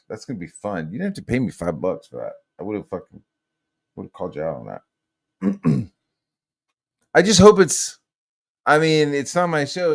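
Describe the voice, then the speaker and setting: Low-voiced man rambling, swearing freely. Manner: rambling, profane storytelling with many fillers. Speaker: podcast host. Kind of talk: casual chat.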